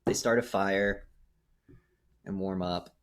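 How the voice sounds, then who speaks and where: A man co-hosting a podcast, casually retelling a film's plot with animated acted-out quotes. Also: deep voice, slow pace, clear, resonant tone. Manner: animated storytelling, acts out quotes. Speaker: podcast co-host. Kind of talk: casual movie recap chat.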